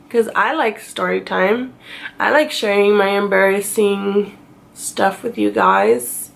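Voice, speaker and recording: Slow, gravelly-voiced woman telling a story. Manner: chatty, self-mocking, acts out her own past crying in a high wail. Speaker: vlogger. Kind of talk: casual story time.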